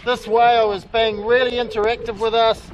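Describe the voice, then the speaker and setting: A middle-aged man with a New Zealand accent, narrating an excited outdoor vlog from a kayak at sea and often calling out loudly. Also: very high-pitched, moderate pace, low-quality recording. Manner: excitable, exclaiming, calls out loudly. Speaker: kayak fishing host. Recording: wind and water noise.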